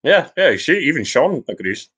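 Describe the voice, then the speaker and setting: A man with a Geordie accent hosting a comic podcast, joking around with lively, excitable banter. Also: a little high, brisk, breathy edge. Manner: lively, jokey, swings into big excited exclamations. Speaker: podcast host.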